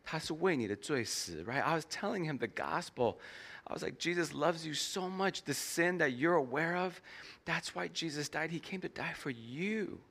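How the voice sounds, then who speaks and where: A male pastor preaching in a church, his delivery lively and swinging widely in pitch. His tone is bright and forceful as he acts out a story and pauses for his interpreter. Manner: animated storytelling, acting out dialogue. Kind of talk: sermon with live interpretation.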